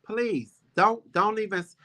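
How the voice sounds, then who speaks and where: A man's voice: high-pitched, steady tone, unhurried, sharp tone. A man hosting a casual talk show, telling a personal story in a heartfelt, rambling, emphatic way. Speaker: show host.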